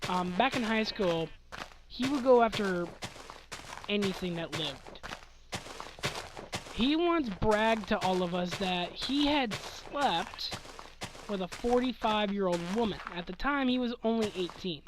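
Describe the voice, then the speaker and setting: Young man, 20s, tired late-night vlog host, unhurried rambling delivery with chuckles, a touch of faint hiss behind. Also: high voice, lively intonation. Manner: rambling, chuckling, trailing off mid-thought. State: sleepy, yawning. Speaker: gaming channel host answering questions. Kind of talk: casual late-night Q&A chat.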